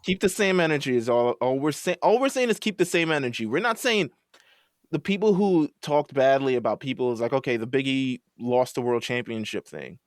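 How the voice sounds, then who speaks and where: A man's voice: mid-range voice, lively intonation, fairly quick, no room sound, studio quality. A man on a casual chat podcast, talking emphatically and repeating his points. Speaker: podcast panelist.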